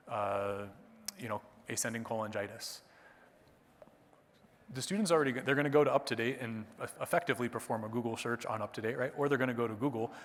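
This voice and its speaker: Man, conference speaker, conversational, mid pitch, lecture hall reverb. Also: fairly bright tone. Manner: conversational, tags points with "right?". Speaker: conference presenter, clerkship educator. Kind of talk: conference talk with audience Q&A.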